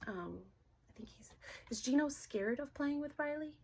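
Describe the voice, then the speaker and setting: A middle-aged woman gently asking questions aloud in a casual session, hesitant and often dropping to a whisper. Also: high voice, expressive, a little hiss or hum. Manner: soft-spoken, halting, often drops to a whisper. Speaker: dowsing-rod reader.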